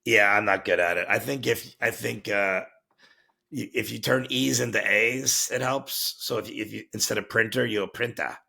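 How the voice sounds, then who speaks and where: Gravelly, husky-voiced male podcast host. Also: lowish voice, normal speed, sharp tone. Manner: jokey and easygoing. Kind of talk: casual chat.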